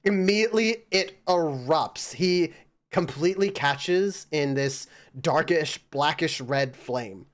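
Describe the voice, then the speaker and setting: Casual male game master, slightly high voice. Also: slow pace. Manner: casual, filler-heavy narration with many "uh" and "like". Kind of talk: narrating a tabletop game.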